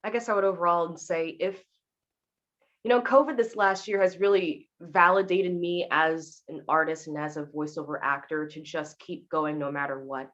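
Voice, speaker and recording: A woman's voice: fairly low pitch, steady tone, normal speed, fairly bright tone, muffled recording. A woman voiceover actor on a panel discussion, speaking in a reflective, earnest way.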